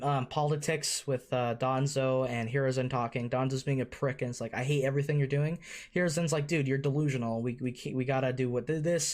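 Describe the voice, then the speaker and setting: An anime reaction host gives casual commentary in a mid-pitched, slightly mellow voice. The delivery gushes with emotion and includes free swearing.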